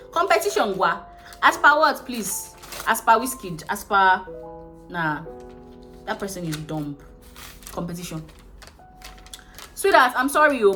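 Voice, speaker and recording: A Nigerian woman talks casually to her camera in a slightly low voice, frank and soothing by turns. Soft music plays faintly underneath. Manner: consoling and frank, calls viewers sweetheart. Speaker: vlogger.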